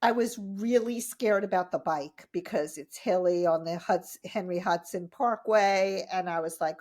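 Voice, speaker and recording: Woman in her 50s chatting on a podcast, lively, laughs a lot, does little voices for quotes. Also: mid-range voice, moderate pace. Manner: animated, laughs often, acts out quotes. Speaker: podcast guest, triathlete and coach. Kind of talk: casual interview storytelling.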